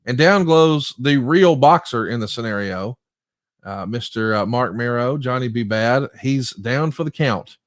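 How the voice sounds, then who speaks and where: A man's voice: mid-range voice, measured pace, no room sound, studio quality. Man recapping matches on a podcast. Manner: lively, recapping in a storytelling way. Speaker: podcast co-host. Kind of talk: casual podcast chat.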